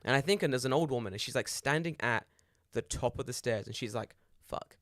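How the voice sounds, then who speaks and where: A young man, a podcast co-host, telling an animated story in casual chat and swearing freely. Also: medium pitch, quick pace, dry recording, studio quality. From Britain.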